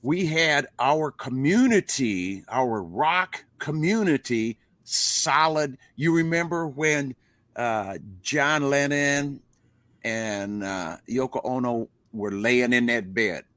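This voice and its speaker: A man's voice: mid-range voice, expressive, takes it slowly, a bit bright, no room sound. An older man, a rock musician guest in a casual interview, speaking in a preachy, impassioned way with folksy grammar. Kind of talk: casual interview over a live stream.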